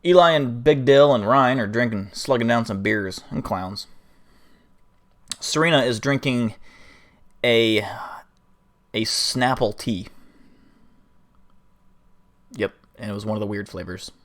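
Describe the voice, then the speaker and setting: A man's voice: medium pitch, a little slow, long pauses, fairly bright tone. A man hosting a livestream, telling an improvised story in a casual, rambling way with fillers and swearing. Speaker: livestream host.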